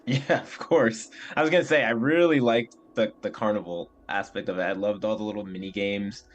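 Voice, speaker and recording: A man with a lower voice talking eagerly and a bit ramblingly. He lists the parts of the campaign he enjoyed. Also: a little fast. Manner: enthusiastic, rambling. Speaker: player. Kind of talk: casual chat.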